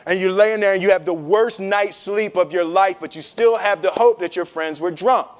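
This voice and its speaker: A man as an interview guest, telling a personal story in an animated, joking way, acting out what people said and laughing often. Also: high voice, normal speed. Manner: lively and joking, acts out quotes, laughs often.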